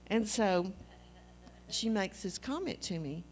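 A woman's voice: mid-range voice, sing-song, unhurried, a little mellow. A woman, preaching a sermon in an earnest, conversational way and telling personal stories.

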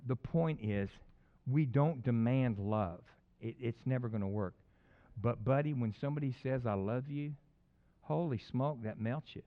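Male pastor, storytelling sermon, loud outbursts then quiet asides, mid-pitched voice, dull lo-fi sound. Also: unhurried. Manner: animated, swings from loud bursts to hushed asides.

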